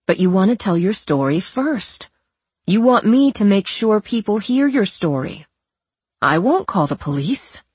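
An eager woman reporter talks in a coaxing, reassuring voice, as a woman narrator reads her. The voice is a little husky and sounds close and dry. It is an audiobook figure. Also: mid-range voice, sing-song, a little slow, a little mellow, dry recording, voice pushed up.

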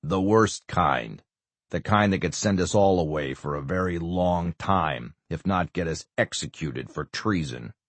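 A man reading an audiobook, voicing a calm, calculating middle-aged official who speaks in a measured, businesslike way. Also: deep voice, no echo. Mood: grave. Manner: measured, businesslike, quietly controlling.

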